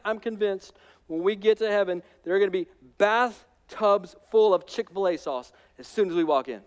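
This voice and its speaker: A man preaching a sermon as pastor, animated, swinging between loud emphatic peaks and hushed asides. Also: high voice, moderate pace, clear, resonant tone, in a large hall.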